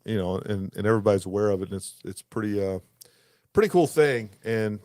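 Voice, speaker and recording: In a dry, clean studio recording, a podcast host with a fairly low voice talks a little fast. He tells casual stories with energy, raising his voice to act out the dialogue.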